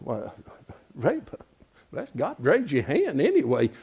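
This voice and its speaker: A man preaching a sermon in a folksy, animated way, with exclamations of praise. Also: on the high side, slow pace, vocal fry, breathy edge. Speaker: pastor.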